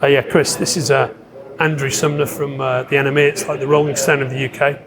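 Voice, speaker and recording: A surly, menacing movie-actor man, impersonated by a man in the middle of a story growls his lines low and blunt. He swears freely and shows no warmth. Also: little pitch movement, brisk, creaky, background noise, close to an everyday voice. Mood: gruff.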